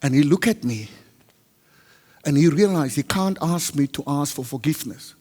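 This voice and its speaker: A South African man preaches, and his speaking voice sits a little high. He tells a story and acts out each exchange with vivid voices, while a long reverb from a large hall trails after his words. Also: expressive, moderate pace. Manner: switches between Afrikaans and English, acts out dialogue loudly. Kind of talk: sermon storytelling.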